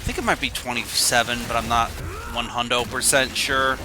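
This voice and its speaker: A man's voice: mid-range voice, steady tone, normal speed, noisy background. A man streaming a game, chatting casually in a rambling, goofy way that keeps interrupting itself. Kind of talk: casual gaming commentary.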